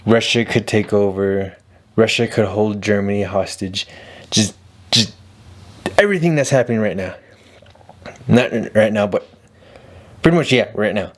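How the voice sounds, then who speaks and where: Male vlog host, low voice, blunt and rambling commentary delivery. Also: moderate pace, pauses often. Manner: blunt, rambling, repeats himself. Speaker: video host. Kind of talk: casual political commentary vlog.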